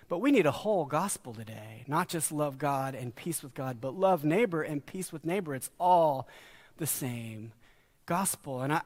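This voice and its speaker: A middle-aged man preaching a sermon as a pastor, earnest and dropping to quiet emphasis on key words. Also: fairly high pitch.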